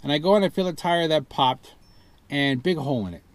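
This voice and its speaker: A man's voice: on the high side, fairly quick, dry recording. A man telling a frustrated story about a car purchase gone wrong and mimicking the people he quotes. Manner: exasperated, retelling a phone ordeal with rising indignation. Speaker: customer reviewing a car purchase. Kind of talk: casual complaint story vlog.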